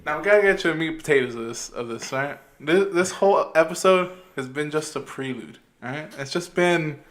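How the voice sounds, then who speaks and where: A man's voice: fairly high pitch, brisk. A man hosting a podcast in casual chat, hyped and announcer-like as he steers the episode.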